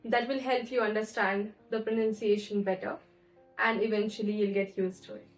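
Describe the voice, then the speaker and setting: A woman teaching French pronunciation in an online lesson, explaining clearly and slowing down to model words. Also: mid-range voice, little pitch movement, faint music behind, low-quality recording.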